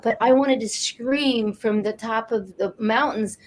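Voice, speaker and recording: A woman in her late fifties, a guest on a talk show, telling her life story in an animated, emotional way. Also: on the high side, measured pace. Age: 50s. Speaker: guest, energy coach. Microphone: studio or video call mic.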